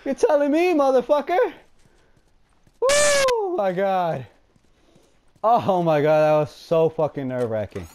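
A man giving let's play commentary, swinging between nervous muttering and loud excited shouting, and swearing a lot. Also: a little high, fairly quick, few pauses, slight background noise. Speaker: gaming streamer.

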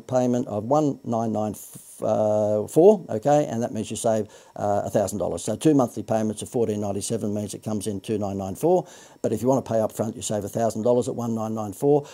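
Husky man pitching a course. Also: mellow. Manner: rambling, self-correcting, joking asides. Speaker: marketing course presenter. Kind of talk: live sales pitch.

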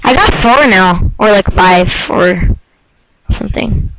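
A man's voice: high-pitched, expressive, slow, a bit bright, a little hiss or hum, poor audio. A teenage boy rambling and joking through casual let's-play commentary of a horror game. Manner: goofy, rambling, jokey. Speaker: gamer.

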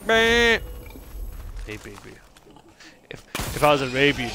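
A man giving excitable, joking live gameplay commentary, swearing a lot. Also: fairly high pitch, moderate pace, faint music behind. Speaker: streamer.

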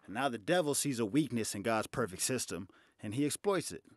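A man's voice: medium pitch, expressive, brisk, no room sound, clean studio sound. A man doing a stand-up routine, sarcastic and profane. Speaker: stand-up comedian.

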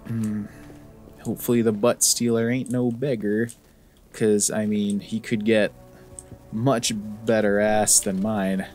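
A man's voice: fairly low pitch, little pitch movement, takes it slowly, a little mellow, faint music behind. A man commenting on a horror game as he plays, with joking, sarcastic asides. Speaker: gaming video host. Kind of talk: let's-play commentary.

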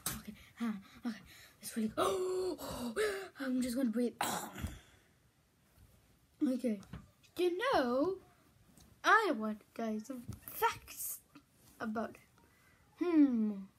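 A woman chatting playfully as toy characters, giggly and excitable with sudden shouts. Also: high-pitched, slow pace, long pauses, husky. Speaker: fan video host.

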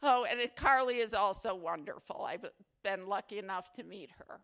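A woman with a mid-range, slightly bright voice and some vocal fry speaks at a moderate pace. Accepting a faculty award at a ceremony, she is chatty and playfully funny, with an affectionate, sentimental manner.

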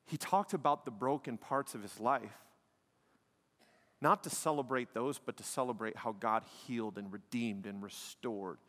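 A man's voice: mid-range voice, normal speed, a bit bright. A man preaching a sermon in an emphatic, conversational way, often dropping "man" and "like" between points. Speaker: pastor. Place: church sanctuary. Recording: long reverb of a large hall.

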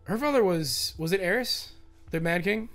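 Brief: man, podcast co-host, slightly high voice, animated and sweary, faint music underneath. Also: normal speed. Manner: animated, swearing, acts out quotes loudly. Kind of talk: casual chat.

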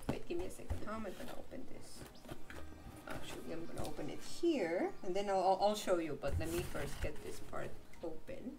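A woman streamer with a Spanish accent, chatting casually and excitably, often stammering and repeating words. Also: lowish voice, background noise. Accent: Spanish-accented English. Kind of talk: casual live-stream chat. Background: game music.

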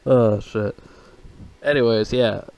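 A man's voice: medium pitch, steady tone, slow, gravelly, darkish tone, dry recording. A man giving a casual, rambling movie review, swearing often, mocking people and stumbling over his words. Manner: profane, rambling, mocking, frequent restarts.

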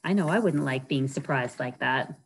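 A woman's voice: rumbling low, moderate pace, slight background noise, rough recording. A woman reading a picture book aloud to children at a library storytime, often asking her listeners questions. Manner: animated, asks the listeners questions.

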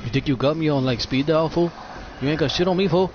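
A man's voice: fairly high pitch, fast, music in the background. Man trash-talking through gameplay. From United States. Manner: profane joking trash talk. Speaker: gaming YouTuber. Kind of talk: casual gameplay commentary. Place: home. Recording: dull lo-fi sound with steady noise.

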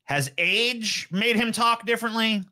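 Bright-voiced wry co-host, man. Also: high-pitched, a little slow. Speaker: podcast co-host. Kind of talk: casual comedic reaction chat.

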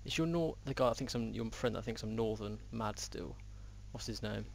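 A man talking in game voice chat, mumbling and mock-friendly in a deadpan way. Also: fairly low pitch, normal speed, creaky, a little hiss or hum. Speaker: game player trolling others.

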